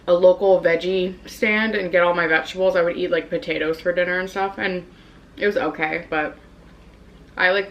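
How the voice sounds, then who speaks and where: A woman's voice: lowish voice, a bit bright, rough recording. Young woman chatting while eating. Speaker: vlogger. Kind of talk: casual mukbang chat. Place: apartment room in New York.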